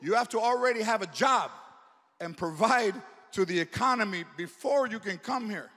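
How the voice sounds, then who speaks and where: A man doing stand-up comedy, loud and profane, with Spanish words mixed into his jokes. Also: high-pitched, animated, normal speed. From United States. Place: large comedy venue. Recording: live show with crowd noise.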